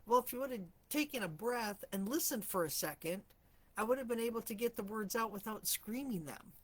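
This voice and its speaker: A woman talks in a loose, chatty way, winding through everyday stories as she hosts a live chat. Her voice sits a touch high and sounds slightly rusty, with frequent throat clearing between thoughts. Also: expressive, brisk. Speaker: host of a live stream for empaths.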